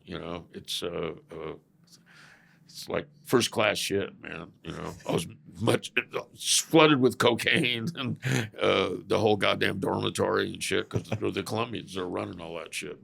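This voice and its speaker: A man's voice: deep voice, vocal fry, a bit bright. An older man from California, a podcast guest telling blunt, profane stories in a casual interview and chuckling as he goes.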